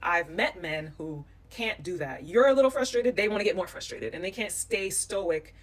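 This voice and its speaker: A woman from the United States telling stories to camera, animated and emphatic. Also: lowish voice, moderate pace, distant mic. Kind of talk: storytelling vlog.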